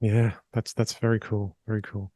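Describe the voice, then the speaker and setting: A man hosting a podcast interview, soft-spoken and affirming. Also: lowish voice, flat delivery, normal speed, no room sound. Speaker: podcast host.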